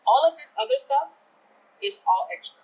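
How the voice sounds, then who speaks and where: A middle-aged woman, an event planner, telling a story in a chatty, animated way during a casual interview. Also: very high-pitched, moderate pace, low-quality recording. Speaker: event planner, business owner.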